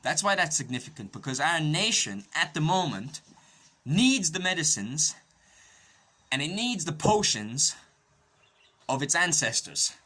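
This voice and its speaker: Irish man, bright forceful tone, rambling swearing monologue, conspiratorial, constant "right?" checks. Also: fairly high pitch, big pitch swings, a little slow, long pauses. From Ireland. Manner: profane, conspiratorial, rambling, keeps asking "right?". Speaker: podcast host.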